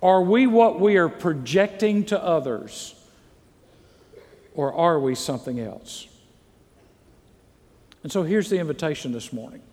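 A middle-aged pastor preaches to his congregation with earnest, repeated rhetorical questions. His voice sits a little high for a man. The church hall rings with a long reverb. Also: lively intonation, measured pace, long pauses, a little mellow. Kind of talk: sermon. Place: church sanctuary. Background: congregation calls amen.

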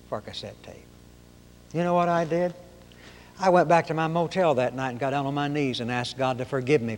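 A middle-aged man delivers a sermon with folksy emphasis, throwing rhetorical questions at his listeners. His voice sits fairly high for a man. A long reverb trails each phrase, as in a large hall. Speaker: preacher.

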